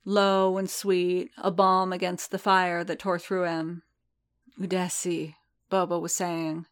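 A woman narrating a story in a slow, measured, even reading. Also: on the low side, clear, resonant tone. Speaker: audiobook narrator.

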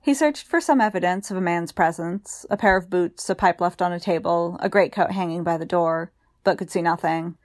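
A woman narrating a story in a calm, measured audiobook reading. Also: on the low side, no room sound, clean studio sound. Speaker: story reader.

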